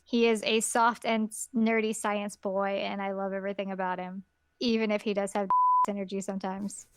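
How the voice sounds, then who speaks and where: A woman's voice: medium pitch, little pitch movement, normal speed, a bit bright, clean tone, no echo. A woman co-hosting a podcast in casual chat, talking in a chatty way and playfully acting out characters she quotes. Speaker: podcast co-host.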